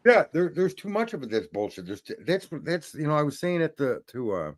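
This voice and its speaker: A man's voice: fairly high pitch, big pitch swings, brisk. A man hosting a live stream, chatting and telling stories in a blunt, profane, rambling way. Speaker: stream host. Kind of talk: casual chat.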